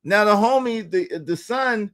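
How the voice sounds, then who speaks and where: A man telling a personal story in profane street slang, swinging between low mutters and loud outbursts. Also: animated, unhurried. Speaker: podcast storyteller. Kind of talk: animated storytelling.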